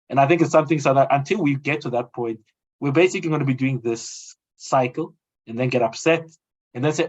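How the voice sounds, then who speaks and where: A man's voice: medium pitch, brisk. Emphatic South African man, lo-fi sound. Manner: emphatic and rhetorical, acts out quoted voices. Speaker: guest commentator. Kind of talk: conversational argument. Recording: dull lo-fi audio.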